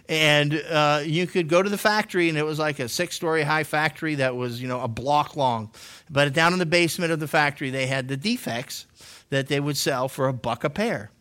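A male pastor from Massachusetts delivering a sermon like a casual story, joking and full of asides. He restarts his sentences and circles back as he goes, and his voice sits a touch high for a man. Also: fairly bright tone. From Massachusetts, USA. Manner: jokey, conversational storytelling with many restarts. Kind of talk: sermon teaching.

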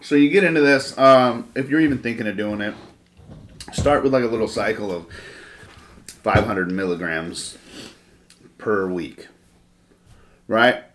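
A man telling a rough story in casual podcast chat, profane and rambling, with lots of fillers. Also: on the low side, a little slow, pauses often, a bit bright, slight background noise.

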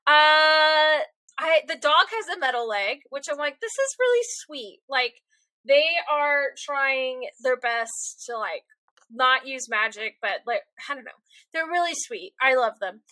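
A woman co-hosting a podcast in casual chat, bubbly and quick to laugh, acting out quotes as she goes. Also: sits high, bright, forceful tone, no echo. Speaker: podcast co-host.

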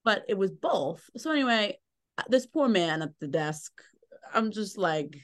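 A woman in her thirties chatting casually, telling animated, self-deprecating stories with lots of fillers. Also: medium pitch, unhurried. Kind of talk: casual chat.

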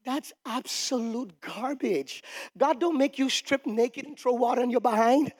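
A male pastor preaching a sermon emphatically, with shouted peaks and call-and-response with the congregation. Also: very high voice, measured pace. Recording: long reverb of a large hall.

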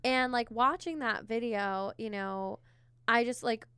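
A woman's voice: a little high, measured pace, fairly bright tone, smooth, dry recording, studio quality. A woman therapist co-hosting a podcast, chatting casually and filling her talk with "like" and "you know.". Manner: conversational, many filler words.

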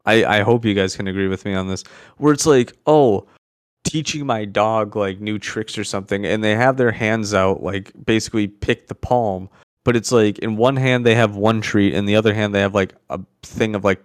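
Low-voiced man ranting, close and dry. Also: clear, resonant tone, no echo. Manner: ranting, exasperated. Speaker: podcast co-host. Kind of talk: casual chat.

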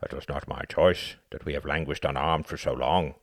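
A man voicing a gravelly, scornful old statesman. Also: a bass voice, moderate pace, no echo, clean studio sound, exaggerated voice. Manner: emphatic, lively argumentative delivery. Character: blunt aging British statesman, scornful and forceful. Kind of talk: audiobook character reading.

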